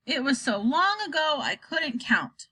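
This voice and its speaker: A woman's voice: high-pitched, very animated, unhurried, sharp tone, no room sound, exaggerated voice. A woman voicing a very old, kindly male giant who jumbles his words, in a storybook reading. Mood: wistful. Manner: jumbled grammar, delighted, playful.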